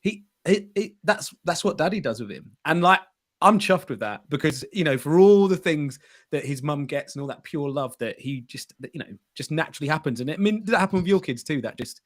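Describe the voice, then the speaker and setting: Man, slightly high voice, casual rambling podcast chat. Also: animated, a little fast. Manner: rambling, self-interrupting storyteller. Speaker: podcast co-host.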